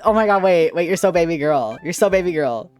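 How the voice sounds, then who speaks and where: A young man chatting on a live stream as a VTuber, excitable, giggly and rambling, with a lot of laughter. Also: fairly high pitch, brisk, faint music behind. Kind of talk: casual live-stream chat.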